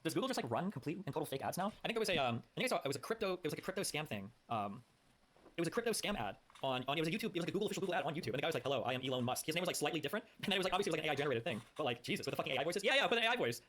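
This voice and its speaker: Rapid-fire streamer man, profane and blunt. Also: fairly high pitch, very animated, fairly bright tone. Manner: rapid, profane, reading posts aloud. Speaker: streamer reacting to posts. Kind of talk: casual live-stream commentary.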